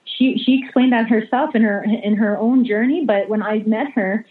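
A woman's voice: a little high, normal speed. A woman, a religious sister, recounts a memory in a hesitant way, full of fillers and restarts. Her voice comes through a narrow, phone-like line. The sound is also roomy and echoey. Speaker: religious sister, interview guest. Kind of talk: remote interview testimony. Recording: echoey, phone-like remote call audio.

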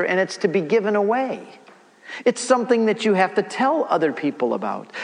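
Man, middle-aged, church talk, story-driven, slightly high-pitched, long hall echo. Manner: animated storyteller, acts out dialogue. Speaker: Catholic speaker giving a talk. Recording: long reverb of a large hall.

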